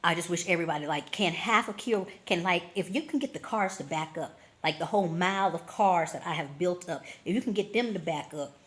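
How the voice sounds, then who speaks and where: Lively woman telling a story with sound effects. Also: fairly low pitch, a little fast, few pauses. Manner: animated, acts out scenes with sound effects and voices; slangy and expressive. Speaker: travel vlogger. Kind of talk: casual storytelling.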